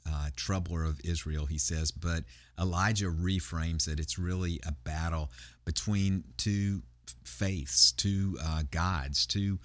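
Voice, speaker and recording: A man with a low, deep voice preaches a sermon, retelling a Bible story in an easy, conversational way. He pauses on fillers and restarts his phrases as he goes. The sound is dry and close, with no room echo. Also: steady tone, fairly bright tone. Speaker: pastor.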